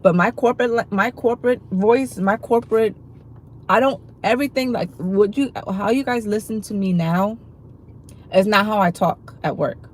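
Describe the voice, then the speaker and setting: A woman's voice: medium pitch, normal speed, poor audio. A woman hosting a livestream, chatting casually to her viewers in rambling talk full of fillers and restarts, and laughing easily. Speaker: livestream host.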